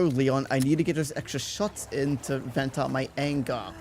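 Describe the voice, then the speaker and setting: A man's voice: mid-range voice, fairly even intonation, moderate pace, hardly any pauses, darkish tone, slight background noise. A man streaming a game, chatting casually, rambling and self-deprecating, swearing freely and laughing often.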